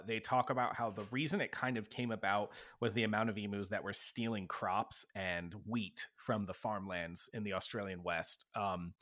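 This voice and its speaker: A man co-hosting a podcast in casual chat, lively and quick to laugh. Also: fairly low pitch. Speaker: podcast co-host.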